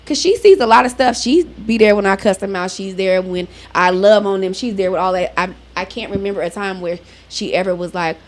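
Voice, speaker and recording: A woman's voice: mid-range voice, brisk. A woman co-hosting a podcast, chatting casually and frankly, adding exasperated asides. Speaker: podcast co-host. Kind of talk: casual chat.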